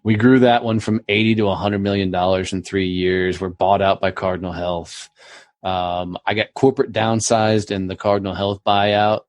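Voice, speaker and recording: A man's voice: lowish voice, flat delivery, normal speed, dry recording. A man telling his story on a podcast in a blunt, profane, storytelling way. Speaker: podcast guest. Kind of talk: casual podcast chat.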